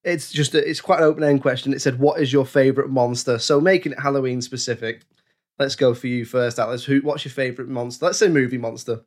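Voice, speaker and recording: A man's voice: mid-range voice, fairly even intonation, fast. A man co-hosting a podcast, chatting in a playful, jokey and rambling way. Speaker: podcast co-host. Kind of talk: casual podcast chat.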